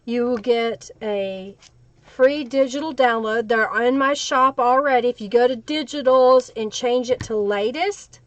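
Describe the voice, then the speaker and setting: A woman's voice: on the high side, no echo. A woman with an Oklahoma Southern accent hosting a live crafting stream, chatting casually and answering viewer comments as she works. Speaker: livestream crafting host.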